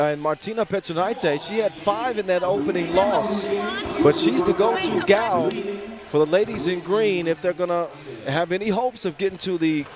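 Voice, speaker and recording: A man with a Midwest American accent, calling a basketball game as the play-by-play commentator in a loud, energetic delivery. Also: a little high. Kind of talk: sports commentary. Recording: arena music playing behind.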